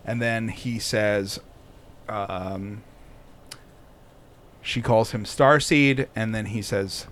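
A man's voice: on the low side, steady tone, drawn-out words, pauses often, fairly bright tone, slight background noise. A man hosting a podcast in casual chat, swearing constantly and sneering sarcastically. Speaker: podcast host. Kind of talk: casual profane commentary.

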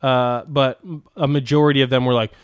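A man's voice: medium pitch, little pitch movement, brisk, clear, resonant tone, no echo. A man co-hosting a podcast, reading reviews aloud in casual chat, crude and mocking. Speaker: podcast co-host.

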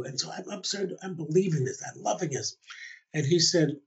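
An older man spins a long story as an interview guest, chuckling as he goes and slipping into the voices of the people he quotes. His voice has a husky edge. The recording sounds somewhat dull and lo-fi. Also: fairly high pitch, brisk. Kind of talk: storytelling in a conversation.

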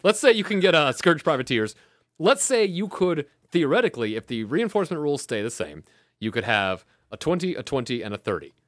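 An excitable man talking about a tabletop war game on a podcast. His pitch swoops widely as he works through ideas. The sound is dry and close. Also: brisk, dry recording. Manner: excitable, animated, swears casually. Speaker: podcast co-host. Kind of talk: casual tabletop gaming chat.

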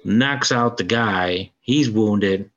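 A man co-hosting a casual podcast, excitedly recounting a film's plot and acting out the characters' lines. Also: on the low side, very slow, highs cut off. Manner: animated retelling, acts out character lines. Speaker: podcast co-host. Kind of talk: casual film review chat.

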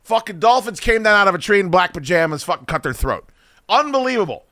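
A man hosting a podcast tells stories in a loose, casual way. He curses freely and mocks the people he talks about. His bright, higher voice rises and falls a lot as he gets worked up. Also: expressive, fast, no echo, clean studio sound. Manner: profane, ranting, mocking storyteller. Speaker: podcast host. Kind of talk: casual chat.

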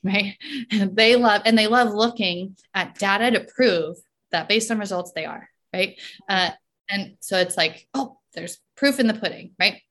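A woman coach talking in a relaxed podcast conversation, often checking in with "right?" and laughing between points. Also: medium pitch, measured pace.

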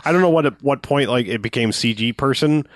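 A man's voice: medium pitch, fairly quick, no room sound, studio quality. A man in casual podcast chat, rambling in a laid-back way about a movie, with lots of fillers. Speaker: podcast co-host.

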